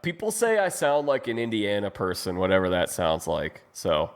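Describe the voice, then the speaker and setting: A man's voice: lowish voice, huge pitch swings, moderate pace. A man hosting a casual video chat, playful and joking with his guests. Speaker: host.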